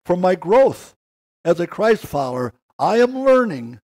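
An older man giving an earnest sermon, slowing down and rising in pitch to stress key words. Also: very animated, a little mellow. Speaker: preacher.

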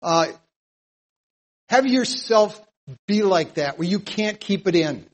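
A man teaching a psalm verse by verse in a sermon, earnest and plain-spoken, getting louder whenever he reads scripture aloud. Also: high-pitched, lively intonation, slow pace, low-quality recording. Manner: emphatic, louder when reading scripture aloud. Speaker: Bible teacher.

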